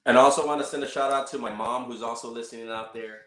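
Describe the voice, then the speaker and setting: A male musician guest in a casual interview, giving grateful thanks and shout-outs and often repeating words and ending phrases with "man.". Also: mid-range voice, steady tone, quick pace, roomy sound.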